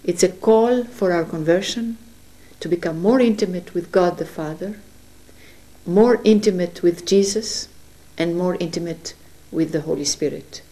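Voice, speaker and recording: Earnest woman telling her spiritual story at home, lowish mellow voice, gentle. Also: unhurried. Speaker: religious speaker. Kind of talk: personal spiritual testimony to camera.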